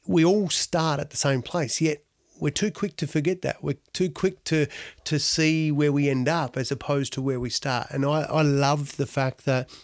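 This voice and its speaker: A man's voice: medium pitch, no room sound, studio quality. Blunt Australian man telling stories. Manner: blunt, salty, laughs while telling stories. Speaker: interviewee, athlete. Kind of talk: storytelling interview answer.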